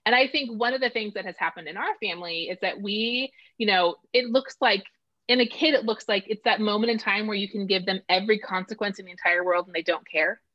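A woman's voice: mid-range voice, a little fast, dry recording. A middle-aged woman in casual conversation, talking animatedly and acting out quoted voices. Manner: animated, acts out voices when quoting. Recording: dull lo-fi sound.

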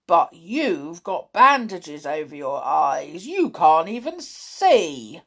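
A woman voicing a suspicious, grumpy old female hospital cleaner with a gravelly voice in a storybook. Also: deep voice, sing-song, slow, full character voice. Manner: suspicious, demanding.

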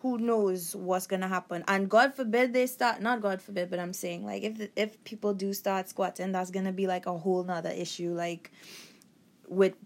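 A woman's voice: mid-range voice, steady tone, moderate pace. A woman in a casual podcast chat who talks in a candid, blunt way.

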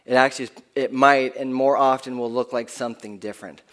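A man's voice: medium pitch, fairly even intonation, a little fast, fairly bright tone. A man preaching a sermon in an earnest, conversational way, often restarting his phrases, who speaks of his own kids. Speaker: pastor.

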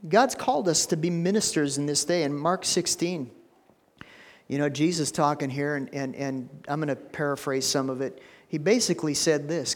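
A middle-aged man preaching a sermon as pastor, folksy and repeating his words, rising to loud preaching. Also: on the high side, expressive, normal speed. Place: church sanctuary. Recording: long church hall reverb.

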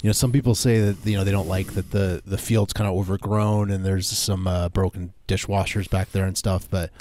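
A man co-hosting a comedy podcast, riffing deadpan one-liners in casual banter. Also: low-pitched, a little fast, slight background noise. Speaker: podcast co-host.

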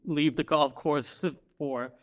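A man's voice: a little high, fairly even intonation, takes it slowly. A man co-hosting a podcast, casually retelling TV scenes and laughing along. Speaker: podcast co-host. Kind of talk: casual chat recapping a TV episode.

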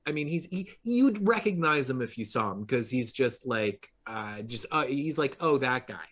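A man's voice: mid-range voice, lively intonation, moderate pace, fairly bright tone. Rambling middle-aged man telling stories. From New York, Long Island. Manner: rambling anecdotes with many fillers and restarts, laughing through punchlines. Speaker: podcast host. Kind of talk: casual conversation.

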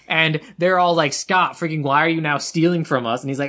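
Brief: man, podcast co-host, chatty plot recap, slips into quick voices for characters. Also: fairly high pitch, fairly even intonation, sharp tone. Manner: rambling storyteller, acts out characters' lines. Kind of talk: casual movie recap chat.

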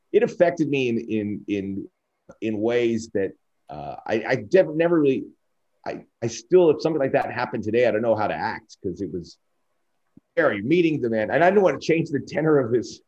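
A man's voice: medium pitch, a little mellow. A middle-aged man, a sports broadcaster, giving a candid interview and telling anecdotes while acting out quoted dialogue. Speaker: sports broadcaster, podcast guest. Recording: dull lo-fi audio.

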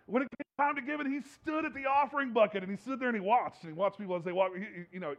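A man's voice: sits high, a bit bright. A man preaching a sermon as a pastor, in a conversational, humorous way, laughing often. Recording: dull lo-fi recording.

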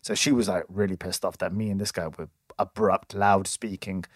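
A young man tells a meandering story in a relaxed chat, circling back with fillers and false starts. His voice sits on the low side. The sound is dry and close. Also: normal speed, slightly rough, no room sound. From England. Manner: rambling storyteller with many restarts and fillers. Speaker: podcast co-host. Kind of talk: casual chat.

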